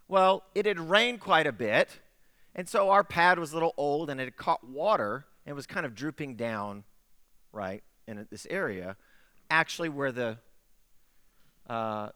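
A man's voice: on the high side, sharp tone, dry recording, big-room sound. A middle-aged man preaching a sermon, telling a personal story with acted-out dialogue. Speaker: pastor.

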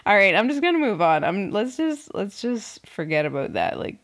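A woman's voice: medium pitch, big pitch swings, moderate pace. A woman hosting a podcast alone, talking casually without editing, rambling, swearing and poking fun at herself as she loses her train of thought. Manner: rambling, swears, self-deprecating, restarts often. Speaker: podcast host. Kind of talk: unedited casual podcast monologue.

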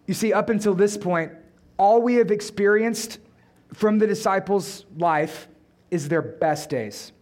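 High-voiced man preaching a sermon. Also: measured pace. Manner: acts out disciples' panicked pleas, then drops to a hushed tone; conversational preaching with repeated rhetorical questions. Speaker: pastor.

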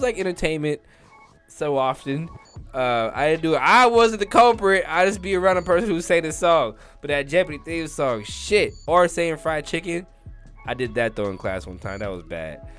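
A man's voice: medium pitch, a bit bright. A man co-hosting a comedy podcast, telling rambling crude stories, swearing and laughing a lot. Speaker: podcast co-host.

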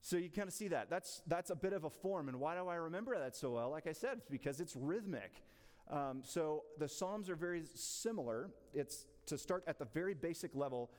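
A man's voice: fairly high pitch, animated, a little fast, darkish tone. A man teaching a church Bible class in a casual, chatty way, asking the room questions. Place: church hall. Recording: long reverb in a church hall.

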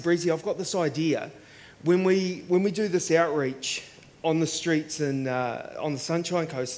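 An Australian man delivers a sermon, warm and casual, slipping into acted voices as he tells stories. His voice sits high for a man. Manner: animated, acts out voices in anecdotes. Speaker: preacher. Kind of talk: sermon with storytelling.

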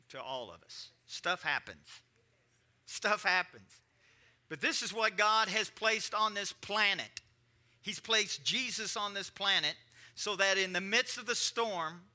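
A man preaching a conversational sermon, repeating lines and swinging between quiet and emphatic delivery. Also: high-pitched. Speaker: pastor.

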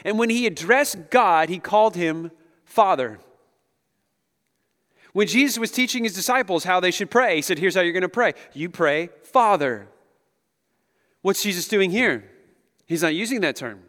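A man in his thirties, a pastor giving a conversational, animated sermon and chuckling often as he speaks to the room. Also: sits high, moderate pace, long pauses. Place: large hall with an audience. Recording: long echo of a big hall.

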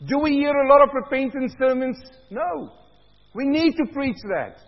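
A man preaching a sermon, asking rhetorical questions and swinging between hushed lows and loud emphatic peaks. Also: expressive, moderate pace. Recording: dull sound in a long-reverb hall.

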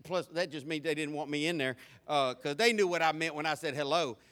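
A man's voice: fairly high pitch, a little fast, a bit bright. A man preaching a folksy, humorous sermon, stumbling through many stammered restarts.

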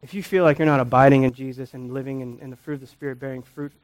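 A male pastor preaching a sermon in a church, swinging between loud emphasis and near-quiet and often repeating his words. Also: mid-range voice, steady tone, very fast.

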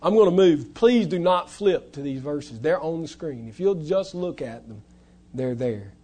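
Man, pastor, sermon, high-pitched, emphatic, hushed asides. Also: expressive, measured pace. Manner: emphatic, swings from loud stresses to hushed low lines.

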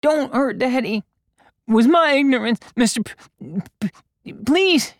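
A man's voice: very high-pitched, animated, slow, no room sound, studio quality, voice pushed up, full character voice. A man doing a frightened pleading boy. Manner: pleading, trembling. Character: frightened crippled young boy.

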